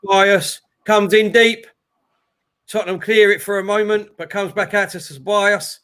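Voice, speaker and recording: A man hosting a live football watchalong, calling the play and getting loud at big chances. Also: high voice, moderate pace, clean tone. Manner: excitable, shouts at big chances. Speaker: watchalong host.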